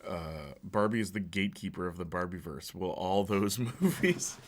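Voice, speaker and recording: A man commenting casually on a game he is streaming to viewers. He rambles and jokes between the cutscenes and fills pauses with "uh". The recording carries a steady hiss of noise. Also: sits low. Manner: chatty, jokey, talks over cutscenes with filler "uh"s. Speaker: gaming streamer. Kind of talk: casual let's-play commentary.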